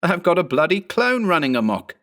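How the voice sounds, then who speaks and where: A man yelling as a panicked thirty-something man. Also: high-pitched, sing-song, a little fast, pitched above the performer's own voice, heavily acted. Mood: outraged. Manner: shouting, frantic, swearing. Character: panicked, furious balding thirty-year-old man.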